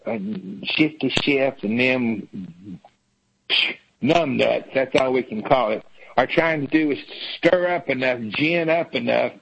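A man's voice: medium pitch, vocal fry. A man, co-hosting a talk radio show in casual, mocking banter. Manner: folksy, mocking, slips into comic voices for people he mocks. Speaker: radio co-host. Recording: dull lo-fi radio sound with faint noise.

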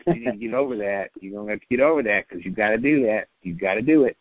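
A man's voice: lowish voice, animated, fast, hardly any pauses, dry recording, lo-fi sound. A man talking politics on a podcast in a rambling, profane, mocking way.

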